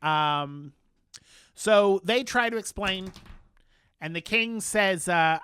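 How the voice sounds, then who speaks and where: A man co-hosting a podcast, recapping a TV episode in casual chat, animated and full of playful quoted voices. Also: sits high, slow pace, long pauses, clean tone, no room sound, clean studio sound. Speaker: podcast co-host.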